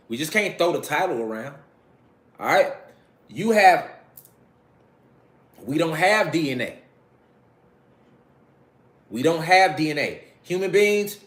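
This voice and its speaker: Speaking on the high side, a man who lectures on esoteric topics talks informally to camera. He's emphatic and repeats himself, mixing in profane street slang and frequent check-ins with those listening.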